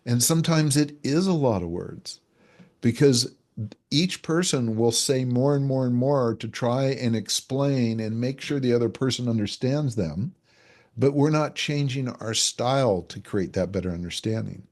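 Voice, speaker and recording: Expert male interview guest, mid-pitched voice, conversational, illustrates points by voicing quotes, keeps checking in with "right?". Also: measured pace, darkish tone. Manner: explains with examples, acts out quoted voices, frequent "right?". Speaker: relationship energetics expert guest. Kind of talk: explanatory conversational interview talk.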